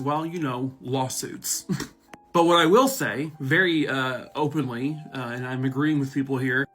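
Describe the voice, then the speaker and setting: A man's voice: fairly high pitch, sharp tone. A man with a slightly raised voice gives casual true crime commentary to camera. He is blunt and sarcastic and swears freely. Faint music plays under his voice. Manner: blunt, sarcastic, profane ranting. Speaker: true crime content creator.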